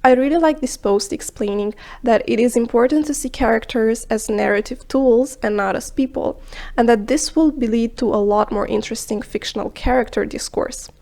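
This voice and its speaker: A woman narrating a scripted film review video in a measured, explanatory way, sometimes dropping into hushed asides. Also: fairly high pitch, vocal fry.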